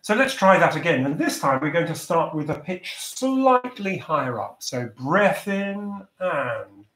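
A man leading a choir's vocal warm-up over a video call, giving gentle, encouraging instructions. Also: on the high side, sing-song, a little slow, echoey room, noisy background.

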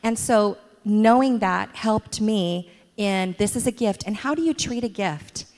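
A woman's voice: mid-range voice, a little slow. Mom telling stories about her kids at church, laughs a lot, big hall echo. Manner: warm storytelling with frequent laughs. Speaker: mother interviewed at church. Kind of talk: church stage interview, storytelling. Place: church sanctuary. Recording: long reverb of a church hall.

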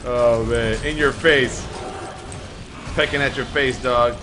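A man streaming a game live, trash-talking other players with loud, profane, joking outbursts. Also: mid-range voice, steady tone, slow, noisy background. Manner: brash trash talk with loud outbursts and laughter. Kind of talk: profane live gameplay commentary.

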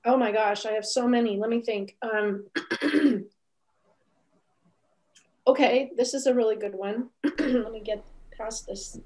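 A woman guest telling a story in an interview over a video call, lively and acting out what others said. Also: a little high, a little slow, pauses often. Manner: animated, acts out quoted voices. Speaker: animal communicator guest.

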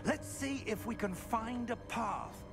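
An actor playing a calm, earnest older male professor mentor in a video game, speaking in a measured and courteous way. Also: high-pitched, vocal fry, heavily acted. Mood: solemn. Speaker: game character. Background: game music.

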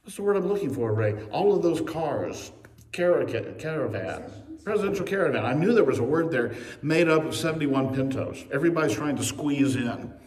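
Preaching a sermon in a church sanctuary, a man tells stories, acts out quotes, and adds humorous asides, his slightly high, slightly mellow voice animated at a moderate pace. The recording is echoey, captured from afar.

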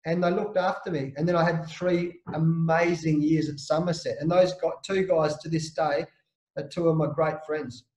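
An Australian man telling a story as an interview guest, lively and blokey, acting out the voices of the people in his tale. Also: a little high, moderate pace, echoey room, rough recording. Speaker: interview guest, former captain. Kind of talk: animated anecdotal storytelling.

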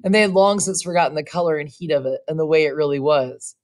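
Lady reading a short story out loud, lowish voice, slow and expressive. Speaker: reader.

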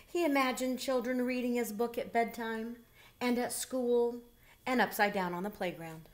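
A woman reading a children's picture book aloud in a gentle, unhurried way. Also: a little high. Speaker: storybook reader. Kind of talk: children's story read-aloud.

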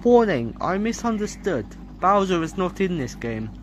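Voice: mid-range voice, big pitch swings, moderate pace, faint music behind, natural voice, rough recording. A performer voicing a video game announcer who reads out warnings and results. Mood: announcing.

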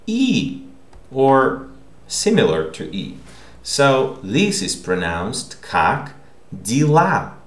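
Slow, deep-voiced male language teacher. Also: a little hiss or hum. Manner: slow, repeats words and checks with "okay?". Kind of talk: language lesson. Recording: echoey room.

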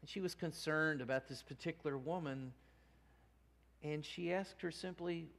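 A male pastor preaching a sermon in a church, earnest, rising from hushed to emphatic. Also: fairly high pitch, normal speed. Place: church sanctuary. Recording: long church reverb.

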